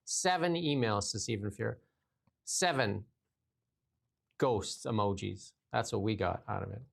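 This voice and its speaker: A man's voice: lowish voice, measured pace, gravelly. A man hosting casual political commentary, reading news items aloud and mocking them sarcastically. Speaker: podcast host.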